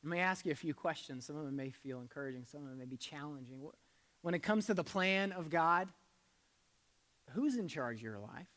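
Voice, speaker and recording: A man's voice: fairly high pitch, animated, a little fast. Man preaching in a reverberant church hall. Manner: conversational preaching, swings between loud emphasis and soft asides; leads the congregation in call-and-response. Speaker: pastor. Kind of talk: sermon.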